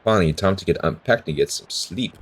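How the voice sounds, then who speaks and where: A man's voice: low voice, fairly quick, a bit bright, breathy edge. A man doing let's play commentary, reading game text aloud with bemused asides. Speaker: gamer.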